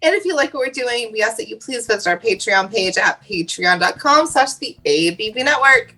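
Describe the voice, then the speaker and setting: A woman's voice: fairly high pitch, expressive, brisk, sharp tone, low-quality recording. A woman co-hosting a casual podcast roundtable, telling stories animatedly and swearing freely. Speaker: podcast co-host.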